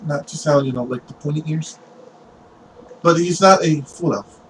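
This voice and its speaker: A man's voice: a little high, normal speed, far from the mic, slight background noise, close to an everyday voice, poor audio. A man voicing a nervous, stammering young clergy boy in a tabletop game. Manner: stammering, jumpy.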